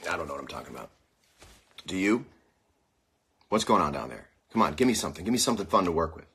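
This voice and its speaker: Rambling jokey man, lively pitch. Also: fast talker. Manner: rambling, jokey, bursts into yelling. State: aching dry socket. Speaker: show host. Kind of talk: casual live-stream chat.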